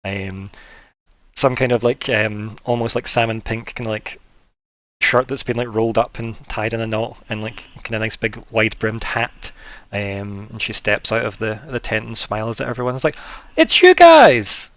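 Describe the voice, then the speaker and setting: A man's voice: on the low side, flat delivery, moderate pace, bright, forceful tone, no room sound. A man narrating as game master, rambling with many fillers and likes.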